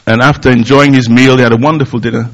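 Man, middle-aged, pastor giving a sermon, chatty and self-mocking, mid-pitched voice, lots of ums and restarts. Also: steady tone, fast, dull audio. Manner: conversational, self-deprecating, with frequent fillers and restarts.

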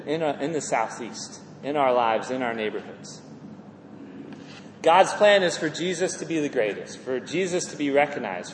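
A man preaching a sermon in a lively, animated way, often acting out quoted voices and repeating words as he builds a point. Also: mid-range voice, slight background noise. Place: church hall. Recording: echoey hall with faint ambience.

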